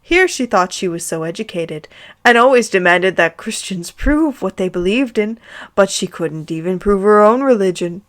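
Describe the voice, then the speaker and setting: A woman's voice: medium pitch, animated, moderate pace. A young woman giving a comic, mock-earnest reading of fanfiction, breaking off for swearing asides. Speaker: reader of fanfiction.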